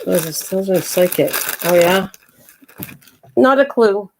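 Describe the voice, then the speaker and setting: A woman's voice: medium pitch, expressive, normal speed, pauses often, background noise. A woman hosting her crafting channel, chatting casually and teasing while she works on journal pages. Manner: chatty, teasing, laughs easily.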